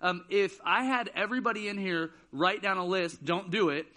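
Speaking at a moderate pace, this man in his thirties has a high voice that sounds pushed and bright. He's a student ministry speaker in a church auditorium, giving an easygoing youth sermon full of joking stories.

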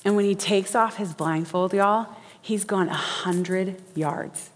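A woman preaching a sermon, folksy and animated, acting out quotes as she tells stories. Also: mid-range voice, slow pace. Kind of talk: sermon with storytelling. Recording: reverberant hall.

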